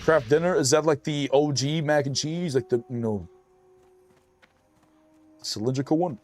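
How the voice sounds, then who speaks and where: A man's voice: fairly high pitch, moderate pace, darkish tone, soft background music. Profane, chatty male streamer. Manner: loose, profane, chatty, reads chat aloud. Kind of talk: casual gaming stream chat.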